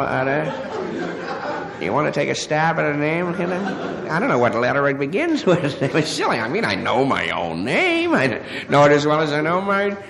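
A man doing a stand-up telephone monologue as a hungover caller, stammering and halting with many pauses and uh's. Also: medium pitch, gravelly. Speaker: comedian. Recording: live stage recording, long reverb, audience laughter. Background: audience laughter.

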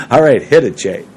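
A man's voice: fairly high pitch, a little hiss or hum. A man hosting a radio show, reading sponsor plugs in a loose, rambling way with many fillers. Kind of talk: casual radio talk and sponsor reads.

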